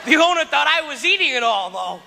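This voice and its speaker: A male stand-up comedian who talks in an animated, exclaiming way and keeps jumping into voices. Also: extremely high pitch, brisk, vocal fry, very noisy. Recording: live hall with loud audience laughter.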